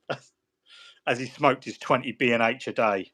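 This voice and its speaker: This hobby stream host speaks in a mid-range, sharp-toned voice and takes his time. Working at his desk on model painting, he rambles through a casual chat full of jokes, restarts and side comments.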